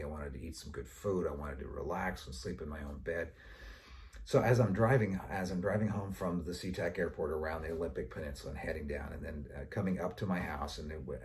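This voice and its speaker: Deep-voiced man telling a story from afar. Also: distant mic, a little hiss or hum. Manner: animated storyteller, acts out voices. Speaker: educator giving a talk. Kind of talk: storytelling talk.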